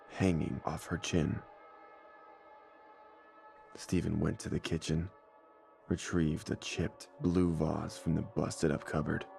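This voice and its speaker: A man narrating a scripted horror story in a measured, deliberate way, with music playing behind him. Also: a bass voice, creaky, a little mellow. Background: faint music score.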